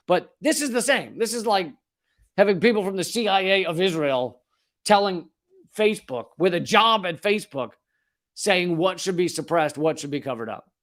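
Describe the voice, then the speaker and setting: A man hosting a comedic news monologue, profane and sarcastic, rambling with frequent restarts. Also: high voice. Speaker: comedy show host.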